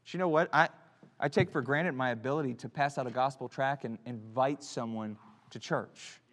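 A man preaching a sermon, swinging between hushed, quiet lines and loud, emphatic ones. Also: mid-range voice, moderate pace. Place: church. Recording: church sanctuary with long reverb.

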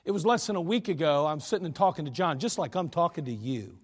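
High-voiced earnest preacher man. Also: lively intonation, fast talker, breathy edge. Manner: earnest, emphatic, conversational preaching. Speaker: pastor. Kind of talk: sermon. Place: church. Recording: echoey church hall.

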